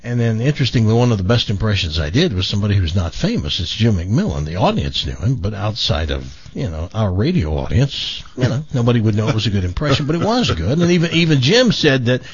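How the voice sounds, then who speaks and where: A man's voice: lowish voice, sing-song, quick pace, hardly any pauses, slightly rough, no echo, lo-fi sound. A male radio talk show host chatting on air in a reflective, rambling way, full of restarts. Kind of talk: casual on-air chat.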